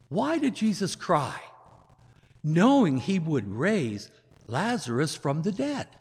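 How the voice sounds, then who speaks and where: A man preaching as a priest, reading the gospel and giving a sermon slowly and deliberately, with emphatic rises. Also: a little high. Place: church. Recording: echoey church hall, long reverb.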